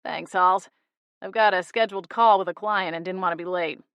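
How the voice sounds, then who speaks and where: A woman's voice: fairly low pitch, steady tone, a little fast, a bit bright, clean tone, no echo, muffled recording. A woman voicing a teasing, good-humored young man. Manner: playful, teasing. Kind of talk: audiobook character reading.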